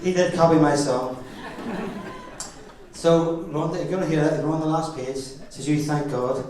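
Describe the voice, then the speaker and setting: A middle-aged man with a Northern Irish accent gives a father-of-the-bride speech in a wedding reception hall, telling jokey stories with chuckles. His voice is high-ish, a little mellow and fairly even at normal speed, captured far from the mic amid heavy echo.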